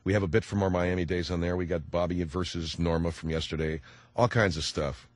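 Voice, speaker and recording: A man's voice: deep voice, steady tone, brisk, no room sound. A middle-aged man hosting a radio talk show, chatting with callers in a jokey, rambling way. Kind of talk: casual radio chat. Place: radio studio. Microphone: close studio mic.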